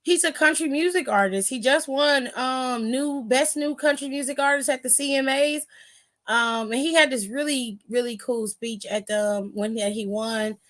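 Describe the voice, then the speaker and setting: A woman co-hosting a casual wrestling chat, animated and slangy, laughing often. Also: high-pitched, normal speed. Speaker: co-host.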